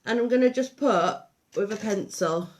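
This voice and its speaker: A woman's voice: medium pitch, moderate pace, darkish tone. A woman with a Liverpool and Lancashire accent hosting a live craft demonstration, chatty and meandering with many ums and restarts. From Liverpool and Lancashire, England. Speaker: craft workshop host.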